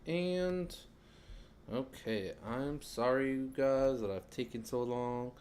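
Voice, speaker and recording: A man's voice: mid-range voice, steady tone, unhurried, darkish tone, slight background noise. A man giving a casual live-stream lesson on credit, chatting loosely and talking while he fumbles with his screen.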